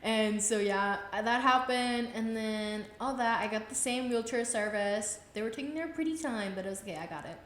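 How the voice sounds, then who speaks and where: A Texan woman in her twenties hosts a podcast, telling a casual travel story in a chatty way and acting out her own reactions with "I was like." Her fairly high, fairly bright voice moves at a normal speed with hardly any pauses, in a roomy recording with a little hiss or hum.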